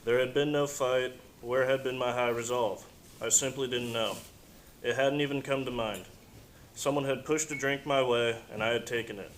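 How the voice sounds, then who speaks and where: A man reads a passage aloud to a class, steady and unhurried, with no dramatics. There is a faint layer of background noise around his voice. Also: mid-range voice, poor audio. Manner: steady, plain reading. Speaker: class reader. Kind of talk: reading a text aloud.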